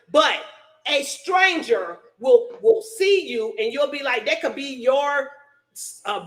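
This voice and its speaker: A middle-aged woman, hosting a casual podcast and telling stories loudly, with profanity and laughter. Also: high-pitched. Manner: loud, profane, laughing storyteller. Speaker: podcast host. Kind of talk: casual storytelling chat.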